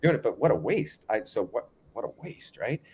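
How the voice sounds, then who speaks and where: A man telling a long anecdote as a guest in a casual interview, animated and acting out other people's lines. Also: mid-range voice, moderate pace, slightly rough. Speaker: guest storyteller.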